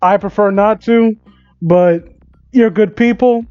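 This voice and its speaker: A man's voice: sits high, takes it slowly, clear, resonant tone, no room sound. A man voicing an easygoing, loyal male friend in a casual, chummy tone, on a dull lo-fi mic.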